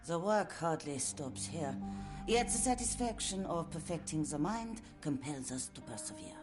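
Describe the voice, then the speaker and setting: An actress playing a courteous but menacing asylum director with smooth, formal speech. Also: female voice, low voice, lively intonation, normal speed. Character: silky, sinister asylum director. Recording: game music underneath.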